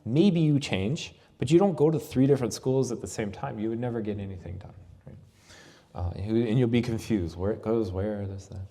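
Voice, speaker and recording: A man's voice: on the low side, a little fast, warm tone, long reverb tail. A man giving a conversational yoga teaching talk at a festival, often checking in with "right?". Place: festival venue.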